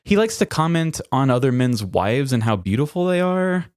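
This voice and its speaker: A man's voice: medium pitch, big pitch swings, moderate pace, clean tone, no echo, clean studio sound. A man co-hosting a podcast, telling a story in casual chat and mimicking coworkers' voices. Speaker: podcast co-host.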